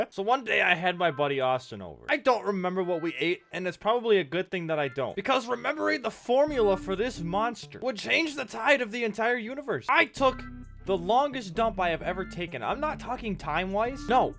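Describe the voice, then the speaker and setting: Gravelly joking gamer guy. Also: high-pitched, expressive, normal speed, a bit bright, faint music behind. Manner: comic, laughs at his own jokes. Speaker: gaming video host. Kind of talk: joking storytelling over gameplay.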